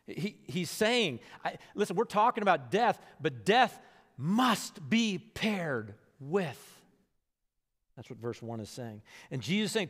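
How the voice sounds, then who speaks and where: A man preaching a sermon as pastor, talking conversationally and swinging between hushed, low moments and lively, animated bursts. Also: moderate pace. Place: church sanctuary. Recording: long hall reverb.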